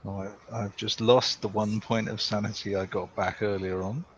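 A man's voice: lowish voice, little pitch movement, normal speed, highs cut off, slight background noise. A man playing a tabletop horror game, stating his character's actions with dry, joking asides. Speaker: player. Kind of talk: casual tabletop game play.

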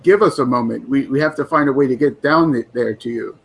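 Man, tabletop player, husky voice, calm coaxing questions. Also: medium pitch, fairly quick. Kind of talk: in-character tabletop play.

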